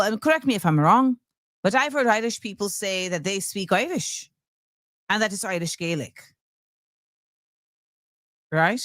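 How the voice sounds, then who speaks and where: A woman's voice: medium pitch, no echo. Chatty woman host with a dry sound. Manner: animated, chatty, lots of fillers and laughs. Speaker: show host. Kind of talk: casual commentary show.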